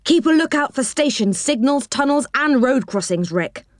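A woman's voice: high voice, lively intonation, moderate pace, no echo, clean studio sound, pitched above the performer's own voice. A woman voicing a cheerful young boy in a storybook reading, easygoing and a little sheepish.

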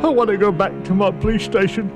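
A man's voice: high voice, fast, lightly acted. A man voicing a homesick, plaintive policeman in a storybook. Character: lost homesick male policeman. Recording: reverberant with music behind.

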